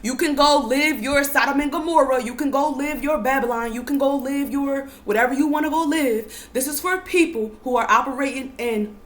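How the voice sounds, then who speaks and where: A young American woman giving an emphatic, repetitive monologue to camera, often building to near-yelling. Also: high-pitched, normal speed, few pauses. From United States. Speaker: spiritual vlogger.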